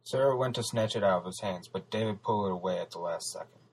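A man reading a story aloud as narrator, steady and even. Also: fairly low pitch, fast talker, slightly rough, poor audio. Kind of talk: audiobook narration.

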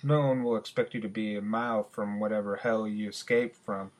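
A man's voice: lowish voice, steady tone, close to an everyday voice. A man voicing a cocky, foul-mouthed male friend who chain-smokes, talking in brash, profane bursts. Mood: calm, reasoning. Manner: brash and profane, with quick outbursts.

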